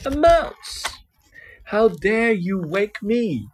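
A reader voicing a proud male lion in a children's storybook, with slow, drawn-out exclamations. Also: medium pitch, sing-song, darkish tone, breathy edge, pitched above the performer's own voice, exaggerated voice. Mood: scornful.

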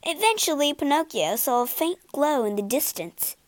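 A woman reading a children's storybook aloud with expressive, dramatic narration. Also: high-pitched, normal speed, no room sound.

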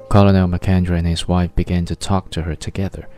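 Guy narrating an audiobook, really low voice, soft music under it. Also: level tone. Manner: measured, literary storytelling. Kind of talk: scripted narration.

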